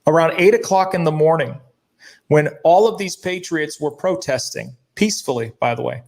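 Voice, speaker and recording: A man's voice: on the high side, normal speed, vocal fry, a little mellow. A man co-hosting a talk show, talking heatedly and indignantly, mimicking newscasters and swearing now and then. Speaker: co-host.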